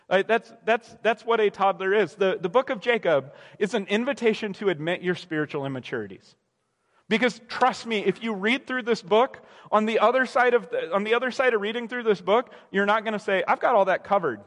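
A man's voice: high voice, brisk, fairly bright tone, in a large hall. A young man preaching a sermon in a casual, conversational way, often restarting phrases and acting out quoted voices. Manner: conversational, self-correcting, acts out quoted voices. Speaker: pastor.

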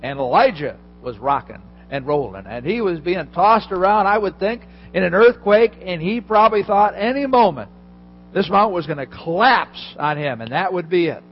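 A man's voice: high voice, expressive, normal speed, lo-fi sound, a little hiss or hum. A male pastor preaching a sermon, retelling a story vividly and speaking straight to his listeners.

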